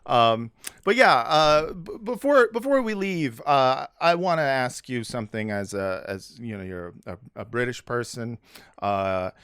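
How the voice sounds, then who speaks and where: A man's voice: medium pitch, expressive, a little slow, a bit bright, clean tone, no room sound. A man hosting a podcast, chatting loosely and jokingly with plenty of fillers on a close mic. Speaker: podcast host. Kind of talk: casual comedic chat.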